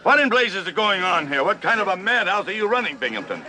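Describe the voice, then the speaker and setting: A barking irate admiral. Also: male voice, high voice, very animated, quick pace, bright, forceful tone, exaggerated voice. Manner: barking, indignant commands. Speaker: navy admiral.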